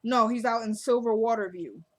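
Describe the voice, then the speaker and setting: A woman casually recaps a TV drama episode, telling the story in a chatty, loose way. She keeps slipping into the characters' lines with quick quoted asides. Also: fairly high pitch. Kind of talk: casual recap, acting out dialogue.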